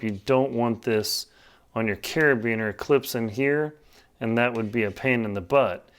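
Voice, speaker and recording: A man casually demonstrating and explaining a climbing knot step by step, in a plain, practical way while working with his hands. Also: medium pitch. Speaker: outdoor skills instructor. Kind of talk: casual knot-tying tutorial.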